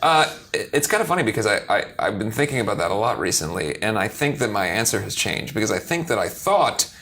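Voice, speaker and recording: A man being interviewed as a musician guest, joking and self-deprecating, rambling with quick restarts. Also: lowish voice, big pitch swings, a bit bright, a little hiss or hum. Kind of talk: casual interview chat.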